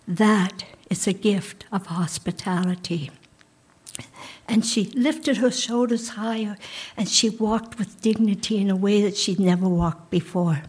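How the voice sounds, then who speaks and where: A middle-aged woman pastor preaches a sermon at a slow, unhurried pace. Her voice is husky and mellow, and it sinks almost to a whisper on key lines. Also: medium pitch.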